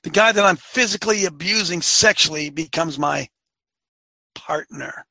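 A man's voice: a little high, moderate pace, creaky, pushed and bright, dry recording. A man delivering a fiery opinionated monologue as a show host, firing off rhetorical questions and repeating phrases for emphasis.

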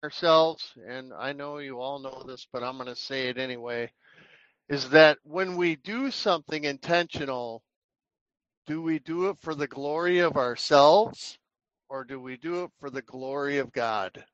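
A man's voice: medium pitch, unhurried, fairly bright tone, no echo, lo-fi sound. A man speaking earnestly and reflectively to a group of believers. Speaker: participant addressing the group.

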